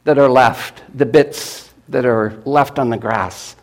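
A man voicing a calm male teacher who speaks with gentle authority, in a plain, reassuring way. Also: medium pitch, slow.

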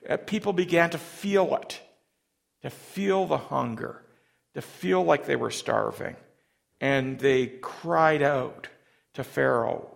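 A man preaching a sermon in a halting way, often repeating words as he starts a phrase. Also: mid-range voice, creaky. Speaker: pastor.

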